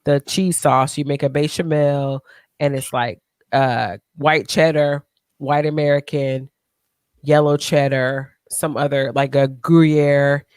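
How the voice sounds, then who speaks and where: A man's voice: a little high, steady tone, slow, clean tone, dry recording, studio quality. Chatty man on a podcast. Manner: loose, rambling, chatty. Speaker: podcast co-host. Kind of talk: casual chat.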